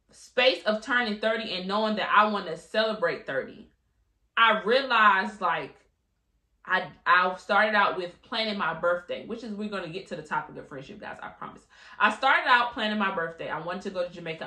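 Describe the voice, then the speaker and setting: A woman's voice: mid-range voice, pushed and bright, reverberant. A woman in her late twenties hosting a podcast, talking in a chatty, slangy, candid way. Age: late 20s. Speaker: podcast host. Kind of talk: casual solo podcast chat.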